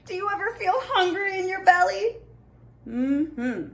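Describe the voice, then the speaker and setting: A woman teaching an online preschool class, talking to small children in a bright sing-song voice. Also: very high voice, big pitch swings, measured pace, gravelly.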